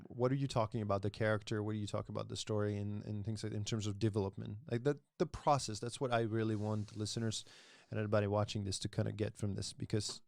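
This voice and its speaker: A man's voice: on the low side, flat delivery, fast, creaky, few pauses, darkish tone, dry recording, studio quality. A man hosting a podcast, asking long, winding questions full of restarts. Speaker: podcast host. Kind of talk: casual interview. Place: podcast set.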